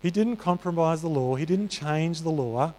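A man's voice: a little high, normal speed, dark tone. A man preaching a sermon in a church, talking in an earnest, conversational way with many fillers. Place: church hall. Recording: reverberant church hall.

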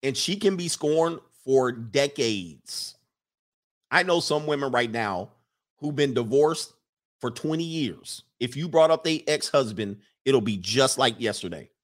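A man hosting a live stream, giving a casual commentary monologue in an animated, preachy way and repeating his lines for emphasis. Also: mid-range voice, a little slow. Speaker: live-stream host reading viewer comments.

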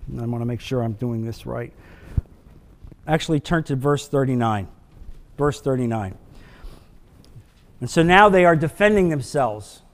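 A man's voice: mid-range voice, expressive, normal speed, long pauses, in a large hall. A man teaching a Bible class, reading scripture in an emphatic, dramatic way.

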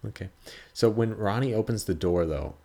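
This podcast host talks about a film in a loose, casual way, rambling, cursing freely, and performing bits of dialogue. He has a lowish, dark-toned voice and speaks at a normal speed.

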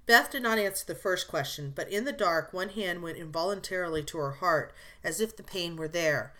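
A woman narrating a classic novel as an audiobook, in a measured storytelling manner. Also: lowish voice, pushed and bright.

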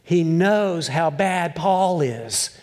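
A male pastor preaching a sermon, telling a story with acted-out voices and chuckles, then asking animated questions. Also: a little high, drawn-out words.

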